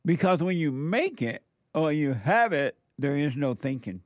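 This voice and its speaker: A man's voice: a little high, sing-song, measured pace, dry recording. Male host, close dry mic, urgent repeating spiritual pep talk, says "amazing" a lot. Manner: repetitive, exclaims "amazing", preacher-like urging. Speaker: show host answering viewer messages. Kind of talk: casual live-stream chat with religious advice.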